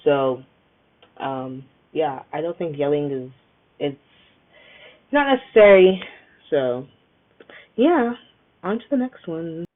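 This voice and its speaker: A woman's voice: sits low, lively intonation, slow pace, pauses often. Chatty young woman on a tinny line. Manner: chatty and emphatic, many filler "like"s. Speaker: podcast host. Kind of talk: casual opinion monologue. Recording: tinny phone-like sound.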